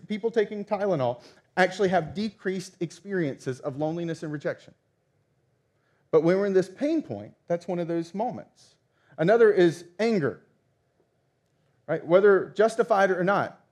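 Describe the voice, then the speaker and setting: A man in his thirties preaching a sermon, telling stories with lively acted-out dialogue. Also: sits high. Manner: animated storytelling, acts out quoted dialogue. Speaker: pastor.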